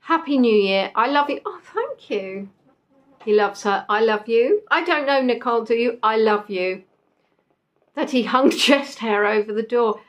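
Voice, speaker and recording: A woman's voice: fairly high pitch, lively intonation, unhurried. A young woman hosting a casual quiz, chatty and joking as she reads out the players' answers. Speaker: quiz host. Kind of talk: casual live quiz chat.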